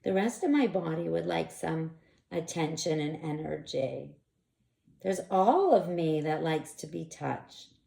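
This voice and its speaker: Frank, expressive woman in an echoey room. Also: sits low, measured pace, gravelly. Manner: frank, expressive, animated bursts. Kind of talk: candid direct-to-camera monologue.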